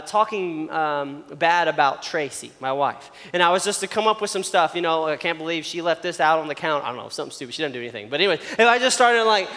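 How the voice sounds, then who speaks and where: A man's voice: high voice, fairly bright tone. A young adult man preaching a sermon in a casual, conversational way, acting out quoted complaints. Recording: long hall reverb.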